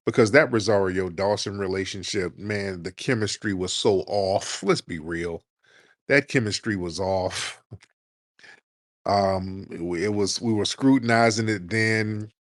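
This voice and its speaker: A man's voice: fairly low pitch, no echo, clean studio sound. A man hosting a comedic commentary show, talking in a blunt, casual, mocking way and laughing often. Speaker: host.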